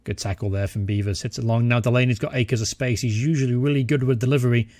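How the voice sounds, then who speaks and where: A young man giving excitable live commentary over a football management game, cheering at goals. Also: mid-range voice, fast talker, no echo. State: out of breath. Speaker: gaming channel host.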